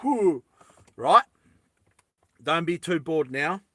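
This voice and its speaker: A man's voice: fairly high pitch, expressive, slow pace, a bit bright, dry recording, studio quality. A man chatting casually through a lighter repair, rambling into jokey tangents and correcting himself as he goes. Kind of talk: casual how-to chat.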